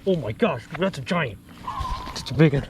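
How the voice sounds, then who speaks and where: Filming his creek fishing trip on an action camera, a young man gives casual, excited commentary, repeating his exclamations and calling his friends bro and dude. His pitch is fairly high at a normal speed, and loud water noise fills the outdoor audio.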